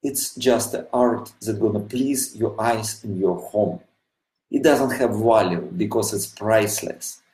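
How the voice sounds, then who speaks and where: A man with a Russian accent hosting a live video broadcast, speaking earnestly in non-native English with many "you know"s, keeping his voice quiet. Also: on the low side, a little slow, roomy sound, poor audio. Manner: speaking quietly so a child can sleep. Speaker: studio representative addressing viewers. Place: home studio.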